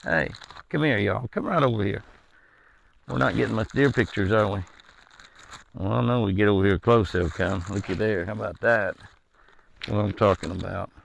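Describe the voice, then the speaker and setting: Gravelly man coaxing deer. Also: lowish voice, normal speed, long pauses, slight background noise. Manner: coaxing, chatty, coos to the deer. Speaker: ranch owner filming his deer. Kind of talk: casual outdoor vlog narration. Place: outdoors on a ranch. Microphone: handheld camera.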